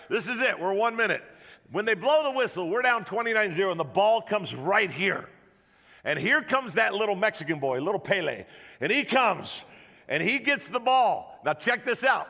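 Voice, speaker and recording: Animated storytelling pastor in a reverberant hall. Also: male voice, high voice, creaky. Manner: animated, jokey storyteller acting out voices. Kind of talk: sermon storytelling. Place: church auditorium. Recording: long reverb of a church hall.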